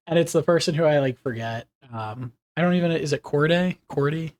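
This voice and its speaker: A man's voice: a little high, quick pace. A young man chatting casually on a live stream, rambling and reading chat messages aloud with easy laughs.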